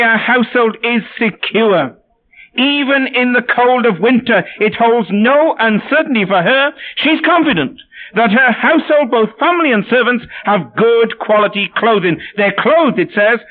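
A man preaching a sermon, telling personal stories in a wry, self-deprecating way. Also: high voice. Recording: tinny phone-like sound.

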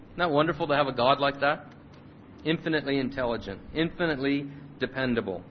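A man earnestly preaches a sermon and leads a prayer, repeating and restarting phrases. The recording is slightly muffled, with a faint rumble.

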